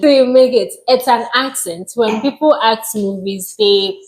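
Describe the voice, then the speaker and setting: A woman from Ghana with a Ghanaian accent, chatting casually as a podcast co-host, relaxed and unhurried with frequent ums. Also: on the high side, low-quality recording. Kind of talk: casual chat.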